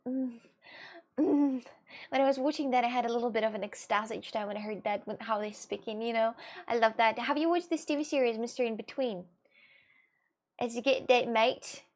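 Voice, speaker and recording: A woman's voice: on the high side, brisk, darkish tone. Rambling young woman streamer. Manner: rambling, many fillers and restarts, reads chat aloud. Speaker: livestreamer chatting with viewers. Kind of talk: casual chat.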